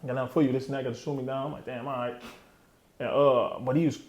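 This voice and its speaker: A man's voice: mid-range voice, fairly even intonation, fast, a little mellow, echoey room. A man in his thirties telling his own story candidly in an interview, streetwise and heavy on slang, often trailing off. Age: 30s. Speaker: interview guest.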